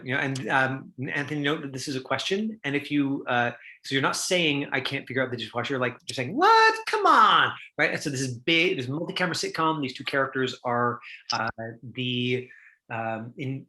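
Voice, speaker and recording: Bright-voiced chatty acting coach. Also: male voice, medium pitch, moderate pace, low-quality recording. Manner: chatty, many fillers, demonstrates line readings. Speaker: acting teacher. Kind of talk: coaching an online acting class.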